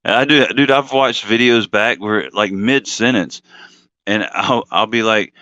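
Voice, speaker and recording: A man's voice: on the low side, a little slow, bright, forceful tone, dry recording. Rambling male stream host, dry lo-fi sound. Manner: rambling, laughs often, self-deprecating. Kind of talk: casual live-stream chat.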